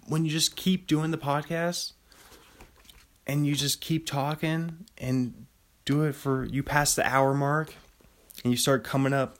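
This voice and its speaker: A man hosting a solo podcast late at night, rambling loosely and getting loopy, with sudden excited bursts and laughter. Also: on the high side, measured pace. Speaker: podcast host.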